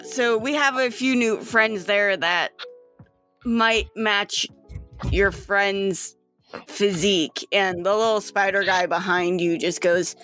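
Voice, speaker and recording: A young woman runs a tabletop game, narrating in a casual, rambling way with frequent swearing. Her voice sits at a middle pitch, with faint music underneath. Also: sharp tone. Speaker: game master.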